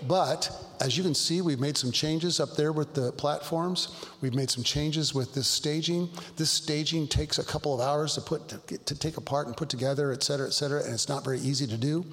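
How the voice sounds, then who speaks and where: A middle-aged male pastor telling stories in a Bible study, earnest and halting, with frequent restarts. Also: a little high, fairly even intonation, fairly bright tone. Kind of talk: Bible study talk, storytelling. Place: church hall. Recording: long hall reverb.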